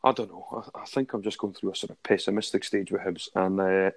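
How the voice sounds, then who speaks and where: A man's voice: low-pitched, steady tone, fairly quick. A young Scottish man co-hosting a casual football podcast, laid-back and self-deprecating, often restarting his sentences. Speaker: podcast co-host.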